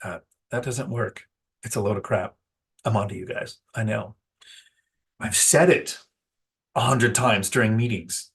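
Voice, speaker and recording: Guy, mid-range husky voice, chatty vlog monologue that wanders and jokes at his own expense. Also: medium pitch, moderate pace, long pauses. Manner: rambling and self-deprecating, loses his words. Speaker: real estate investor vlogger. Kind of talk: casual talking-head vlog.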